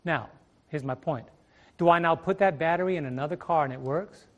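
A man's voice: a little high, a little fast, a bit bright, lo-fi sound. A middle-aged male preacher teaching a Bible study sermon on a ministry stage, asking rhetorical questions and repeating his phrases.

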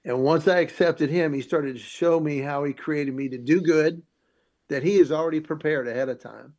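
A man's voice: fairly high pitch, moderate pace. A comedian telling his story in an interview, acting out the voices of the people he quotes. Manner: animated, acts out quoted voices. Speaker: comedian guest.

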